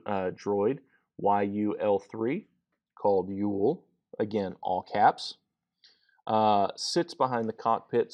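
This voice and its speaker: A man instructor walking through a screenwriting tutorial, halting with many fillers as he explains each step. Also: medium pitch, a little mellow.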